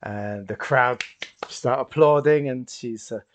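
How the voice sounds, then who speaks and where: A man runs a tabletop game and narrates the scene slowly, pausing on fillers as he goes. His voice sits in a middle register, neither high nor low. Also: a little hiss or hum. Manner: slow, hesitant narration with fillers. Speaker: game master.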